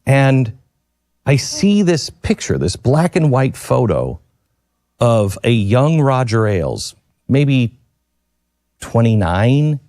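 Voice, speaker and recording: A man hosting a radio talk show, telling a personal story in an earnest, reflective way with halting restarts, into a studio microphone. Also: mid-range voice, sing-song, mellow, dry recording.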